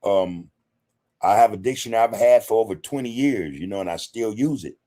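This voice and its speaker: Guy hosting a podcast, kinda low and mellow, keeps saying man and you know. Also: expressive, brisk. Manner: emphatic, conversational, repeats "man" and "you know". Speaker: podcast host. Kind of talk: casual commentary reading chat comments. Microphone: streaming setup microphone.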